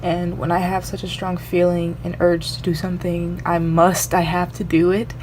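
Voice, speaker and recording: A woman's voice: on the low side, flat delivery, normal speed, a little mellow, slight background noise. A young woman doing a psychic medium reading for her vlog, earnest and rambling, repeating her phrases.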